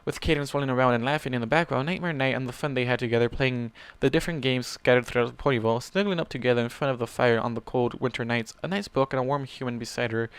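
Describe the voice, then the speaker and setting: A man reads fan fiction aloud in a plain, steady way. He drops in casual asides and corrects his own slips. His voice is smooth and clear, recorded dry. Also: medium pitch, no room sound. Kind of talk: story reading with asides.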